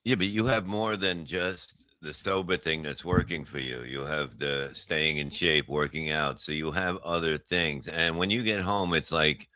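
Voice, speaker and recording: A man with an extremely low voice that still cuts bright and forceful. He chats loosely on a show, rambling and teasing the host. The sound is dry and close. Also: steady tone, unhurried, few pauses, smooth, no echo. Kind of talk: casual chat.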